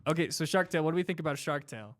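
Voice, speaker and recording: A young man hosting a casual podcast chat in a small room. He talks in an animated way and breaks into bits of singing and silly voices. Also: a little high, racing. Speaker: podcast host.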